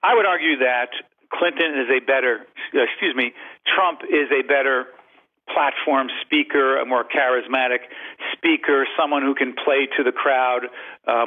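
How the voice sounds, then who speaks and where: A man talking as a radio interview guest about leadership, emphatic and driving his points home by repeating phrases. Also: mid-range voice. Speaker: guest, leadership and communication author. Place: call-in to satellite radio show. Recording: phone-line quality.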